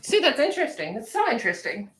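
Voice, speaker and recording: A woman's voice: fairly high pitch, wildly swooping pitch, fast, fairly bright tone. A woman from Central Virginia hosting a home livestream, chatting casually with viewers and reading their comments aloud. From Central Virginia, United States. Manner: chatty, musing, reads chat aloud. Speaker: livestream host. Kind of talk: casual chat with live viewers.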